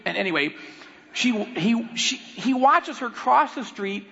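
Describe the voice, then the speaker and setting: A man preaching as a guest speaker, telling a story with animated acted-out voices. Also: extremely high pitch, unhurried, vocal fry. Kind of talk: sermon. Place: church auditorium. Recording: long hall reverb, dull lo-fi sound.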